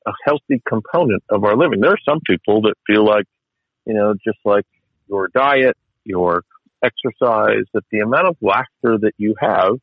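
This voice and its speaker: A man talks in a loose, storytelling way, wry and full of restarts. His voice sits on the low side. The sound is dry and slightly muffled. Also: slightly rough, no room sound. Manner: chatty, wry, many restarts and fillers. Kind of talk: casual storytelling chat.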